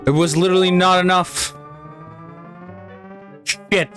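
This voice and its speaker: A man hosting a casual let's-play, excitable and quick to swear, yelling and cheering as he plays. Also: sits high, soft background music. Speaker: gaming channel host.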